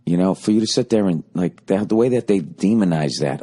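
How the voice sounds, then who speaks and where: A man's voice: deep voice, lively intonation, brisk, creaky, husky. Profane rambling man on a solo podcast. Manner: profane, rambling, swings between loud and muttered. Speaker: podcast host. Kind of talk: solo comedic monologue.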